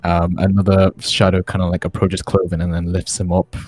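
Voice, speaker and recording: A man's voice: sits low, monotone, fairly quick, a little mellow, no echo, soft background music. A man running a tabletop game as game master, narrating in a hesitant way with frequent ums.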